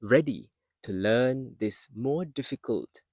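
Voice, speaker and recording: A man gives a pronunciation lesson in a middle-pitched voice. He speaks very slowly and patiently, repeating words to demonstrate sounds. He is recorded outdoors among trees, with a dry, close sound. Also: animated, darkish tone, slightly rough, dry recording. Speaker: English pronunciation teacher.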